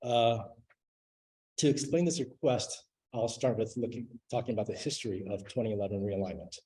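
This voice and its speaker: A man's voice: fairly low pitch, fairly quick, warm tone, low-quality recording. A male finance director presenting a request to a city commission, explaining it step by step. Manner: slightly nervous at first, then explanatory. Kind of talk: staff presentation at a meeting. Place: government meeting room.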